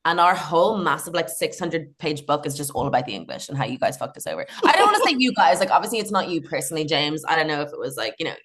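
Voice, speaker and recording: A woman's voice: deep voice, big pitch swings, quick pace, hardly any pauses, fairly bright tone. A young Irish woman chatting and laughing through stories as a comedy podcast guest. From Ireland. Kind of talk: casual podcast chat.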